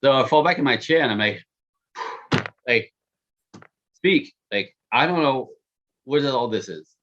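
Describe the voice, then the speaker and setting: A man on a podcast telling the story of how he met his partner, animated and self-mocking, laughing often. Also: mid-range voice, a little slow, dull audio, slight background noise.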